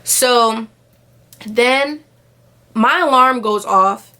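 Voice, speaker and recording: Woman, young adult, casual storytime, lively retelling, lots of "like". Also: fairly high pitch, drawn-out words. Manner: animated retelling, acts out quoted voices, filler "like" often. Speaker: vlogger.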